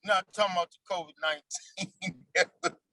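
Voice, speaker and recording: A man's voice: high-pitched, fairly even intonation, a little fast, bright, forceful tone, dry recording, low-quality recording. A man in his forties, an actor being interviewed, talking in a loose, slangy and emphatic way. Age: 40s. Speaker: actor guest. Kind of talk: casual interview chat.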